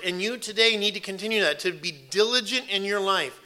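A man's voice: high voice, brisk, hardly any pauses, sharp tone. A man preaching an earnest sermon, emphatic and repeating phrases for weight. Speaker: pastor.

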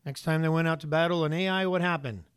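A man preaching a casual sermon, telling Bible stories in an animated way with casual slang. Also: fairly high pitch, fast talker, clean tone, no room sound, studio quality.

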